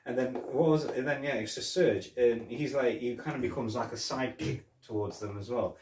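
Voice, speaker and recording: A man's voice: mid-range voice, fairly quick, a little mellow. A man co-hosting a podcast, casually retelling film scenes and quoting characters with chuckles. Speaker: podcast co-host. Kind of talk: casual film review chat. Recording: echoey room, mic at a distance, faint hiss.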